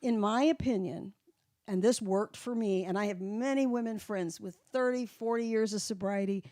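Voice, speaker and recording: A woman's voice: mid-range voice, normal speed, mellow, no echo. Candid woman in her seventies, dry sound. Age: 70s. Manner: candid, storytelling, folksy sayings. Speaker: guest, folk singer in long recovery. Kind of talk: casual interview chat.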